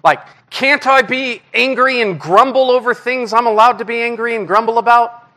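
A man delivers a casual, confessional sermon to a congregation. His voice sits high and sounds bright and forward. He mocks himself openly and keeps the delivery lively. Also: moderate pace. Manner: candid, self-deprecating, animated. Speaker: guest preacher. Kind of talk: conversational sermon.

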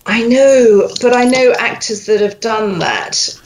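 A woman coaching accents, talking in a chatty, animated way with quoted asides. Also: on the high side, slow, background noise. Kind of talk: casual chat. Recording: roomy echo.

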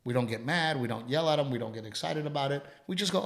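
A middle-aged man co-hosts a casual talk show podcast with a mid-pitched, creaky voice at a quick pace. Animated and freely swearing, he slips into little voices to imitate what others said.

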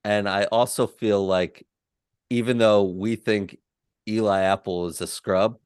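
A man's voice: fairly low pitch, fairly even intonation, unhurried, darkish tone, smooth, no echo, studio quality. A man co-hosting a casual sports podcast, talking in a loose, rambling way and restarting his sentences. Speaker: podcast co-host.

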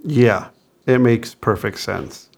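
A man's voice: mid-range voice, darkish tone. A man co-hosting a casual movie review podcast, laughing often as he talks. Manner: slow, gravelly, laughs often. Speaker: podcast co-host.

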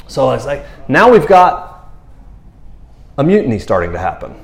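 A man gives a sermon in loose, casual speech, often slipping into the voices of the people in the story. His pitch swings widely as he talks. The sound is roomy, with a clear echo around his voice. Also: moderate pace. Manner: animated, slangy, acts out quotes in character voices. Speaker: pastor.

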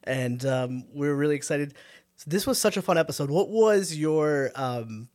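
A man's voice: fairly high pitch, animated, unhurried, darkish tone. A man co-hosting a podcast, chatting casually and animatedly, with frequent restarts and trailing thoughts. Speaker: podcast co-host. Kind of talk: casual chat.

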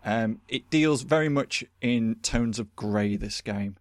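A man talks casually, rambling through his points with plenty of fillers and laughs. His voice sits at a middle pitch, and the sound is dry and close. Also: slow, no room sound. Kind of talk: casual chat.

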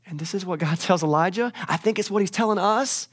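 A man in his forties giving a sermon as a youth pastor, talking conversationally and moving between hushed and emphatic delivery. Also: high voice, fairly quick, few pauses.

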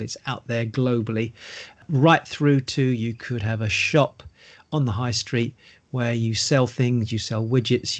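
A middle-aged man, explaining investing and property in a casual podcast conversation, running through long lists. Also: medium pitch. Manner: explanatory, long listing run-ons.

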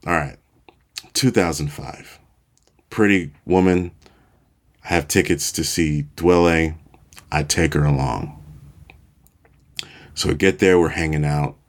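A man in his forties tells a story on his podcast in a very deep voice. He talks slowly and keeps it casual, poking fun at himself as he goes. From Chicago, USA. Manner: relaxed, self-deprecating storyteller, chuckles at himself. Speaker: podcast host.

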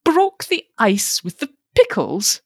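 A man's voice: sits high, wildly swooping pitch, slow pace, no room sound, studio quality, pitched above the performer's own voice, exaggerated voice. A woman playing a pompous fussy old ironmonger. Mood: lofty, fussy. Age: older. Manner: lofty, fussy, self-pitying. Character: fussy pompous retired ironmonger, older man.

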